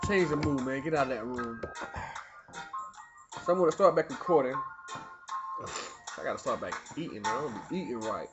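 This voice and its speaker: A young adult man in a rambling, profane monologue, swinging from low muttering to loud preachy outbursts. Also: expressive, moderate pace, pauses often. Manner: profane, peppered with "man" and "you know what I mean". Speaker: vlogger. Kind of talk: rambling personal monologue to camera. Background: music playing.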